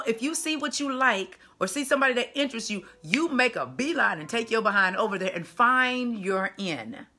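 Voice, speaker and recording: A woman's voice: on the high side, sharp tone. A woman dating coach giving casual video commentary in an emphatic, chatty way with punchy asides.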